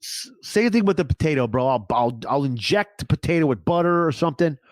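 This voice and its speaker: A man co-hosting a casual comedy podcast, profane and deadpan, with mock-serious asides. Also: a little high, a little fast, dry recording, studio quality. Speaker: podcast co-host.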